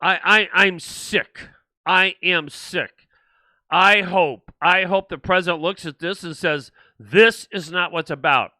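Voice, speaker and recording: Older male host ranting on a livestream, indignant and repetitive, with a high, sharp, very bright voice. The sound is close and dry. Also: a little slow, few pauses, no room sound. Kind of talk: political livestream commentary.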